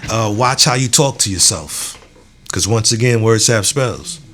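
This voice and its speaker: A man's voice: lowish voice, unhurried, slight background noise. A young adult man hosting his own podcast, talking loosely in a casual solo monologue, swearing freely and leaning on "you know what I'm saying.". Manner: swears freely, heated then warm and encouraging. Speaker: podcast host.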